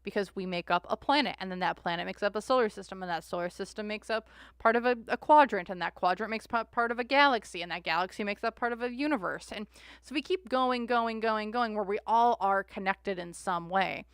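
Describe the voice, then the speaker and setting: Woman, rambling livestream host, smooth clear tone, dry close sound. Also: medium pitch, a little fast, no room sound. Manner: chatty, rambling, restarts words. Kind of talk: casual livestream chat.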